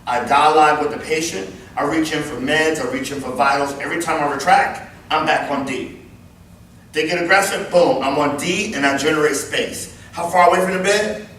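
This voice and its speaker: Man in his fifties, safety trainer, joking and lively, slightly high voice, very echoey room, far from the mic. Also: moderate pace, a little hiss or hum. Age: 50s. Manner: animated, joking, demonstrating moves. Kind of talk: live training class.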